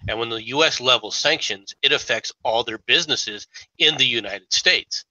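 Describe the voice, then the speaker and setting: A man with a piercingly bright, tense voice lectures on a political talk stream. He argues point by point and leans on "okay" as he goes. The sound is dry and close. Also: medium pitch, normal speed, no echo, dull audio. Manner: argumentative, lecturing, fillers like okay.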